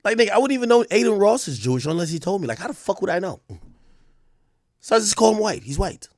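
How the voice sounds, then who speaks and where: Animated foul-mouthed male streamer. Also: high voice, fast, no room sound, clean studio sound. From Jamaica. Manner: loud, laughing, crude rants. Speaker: livestream host. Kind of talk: profane comedic commentary.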